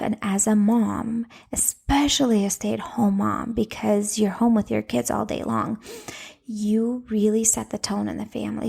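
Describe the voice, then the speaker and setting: Thirtysomething mom coach chatting to camera, super fry-heavy gravelly voice, earnest and direct. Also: female voice, mid-range voice, mellow. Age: 30s. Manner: earnest, conversational, speaks straight to the viewer. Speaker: parenting coach. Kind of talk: casual advice monologue to camera.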